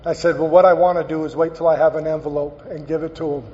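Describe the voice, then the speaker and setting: A man giving a personal, earnest recovery talk as a guest speaker, halting and repeating phrases as he tells his story. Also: fairly high pitch, steady tone, darkish tone. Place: meeting hall. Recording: dull, echoey hall recording.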